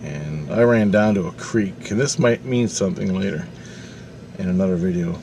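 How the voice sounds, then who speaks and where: A man telling a long, rambling story in a casual, animated way, swearing freely. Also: deep voice, normal speed, slight background noise. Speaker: vlogger.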